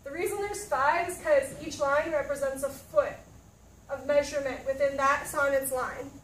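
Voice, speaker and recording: A woman's voice: high-pitched, steady tone, moderate pace, a bit bright, slight background noise. A woman teaching a class, talking students through the material and asking them questions as she goes. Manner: checks in with students, asks questions. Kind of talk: classroom lesson. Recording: roomy, from a distance.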